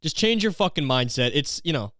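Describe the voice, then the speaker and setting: A young man hosting a comedy podcast, ranting in a profane, animated, self-mocking way. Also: a little high, brisk, no room sound, studio quality. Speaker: podcast host.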